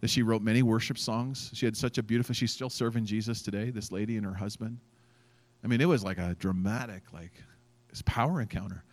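A man preaching a sermon as a pastor, telling a story in an animated way, acting out quotes and using many fillers. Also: lowish voice, a little fast. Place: church event stage.

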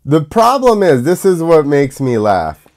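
A man's voice: a little high, big pitch swings, unhurried, a little mellow, faint music behind. Sarcastic man ranting on his show. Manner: ranting, goes off on tangents; sarcastic, mocking. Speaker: show host. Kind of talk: casual monologue.

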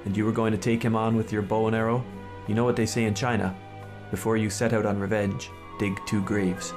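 A man reading the lines of a suave male secret agent in a soft, reassuring tone. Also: lowish voice, level tone, fairly quick, over music, close to an everyday voice.

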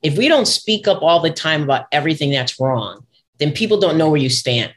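A woman's voice: low-pitched, big pitch swings, brisk. A woman hosting an interview, asking questions and affirming her guest before giving a firm closing thought. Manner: supportive, affirming, wraps up with a firm takeaway. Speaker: podcast host, interviewer. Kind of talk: conversational interview.

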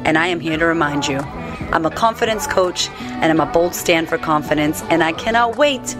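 A woman's voice: low-pitched, normal speed. A woman confidence coach giving an upbeat, emphatic podcast intro. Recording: intro with music underneath.

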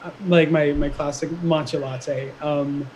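A young adult podcast guest in casual chat, relaxed and chatty, often laughing. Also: medium pitch, a little slow, a little hiss or hum, rough recording.

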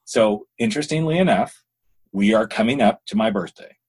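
A middle-aged man hosting a podcast, chatting candidly and telling stories in a casual, expressive way. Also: on the low side, moderate pace, slightly rough. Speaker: podcast host.

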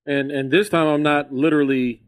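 A man's voice: fairly high pitch, fairly even intonation, normal speed. A male comedian guesting on a casual podcast chat, brash and profane, teasing the host.

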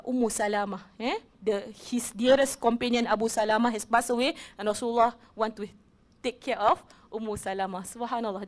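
Chatty Malaysian woman, higher voice. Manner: chatty, switches between English and Malay. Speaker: religious speaker. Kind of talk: religious talk to an audience.

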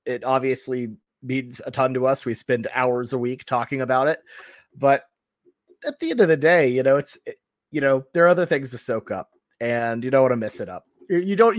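A man's voice: mid-range voice, fairly quick, no echo, clean studio sound. A young man hosting a podcast in casual chat, hedging with lots of fillers as he steers the talk. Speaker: podcast host.

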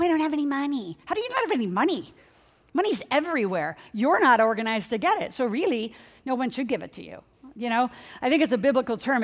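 A middle-aged woman, a financial coach, giving an energetic motivational seminar talk and speaking straight to her audience. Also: on the high side. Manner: energetic, excitable, addresses the audience directly. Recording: long hall reverb.

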